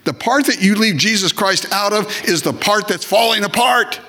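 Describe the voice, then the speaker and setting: This pastor's voice is high-pitched, pushed, and bright, moving at a moderate pace. His sermon is emphatic and repetitive, punctuated now and then by brief comic impressions of worshippers and of God.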